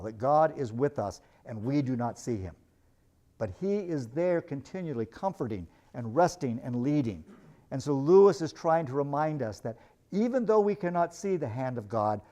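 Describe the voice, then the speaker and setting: A man's voice: a little high, darkish tone. A man giving a literature lecture, animatedly retelling a story and reading passages aloud.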